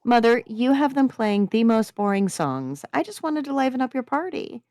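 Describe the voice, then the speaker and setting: A woman's voice: fairly high pitch, animated, normal speed, a little mellow, no echo, clean studio sound, voice pushed up, lightly acted. A woman reading aloud as a defiant young woman who answers her mother in mock innocence. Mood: mock-innocent. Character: defiant sarcastic young woman, rebellious daughter.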